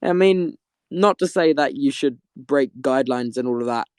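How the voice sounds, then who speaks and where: A young English man rambles through a story from his bed, laughing and tripping over his own restarts. He sounds tired from little sleep, with a mid-pitched voice and a dry, close sound with no room echo. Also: moderate pace, darkish tone, clear, resonant tone. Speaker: host. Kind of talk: casual chat on a live audio stream. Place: sitting in bed at home.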